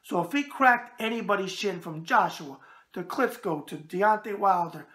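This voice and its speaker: A man's voice: sits high, normal speed, pushed and bright. A brash man with a New York accent, hosting a boxing show and answering viewer emails with catchphrases and wisecracks.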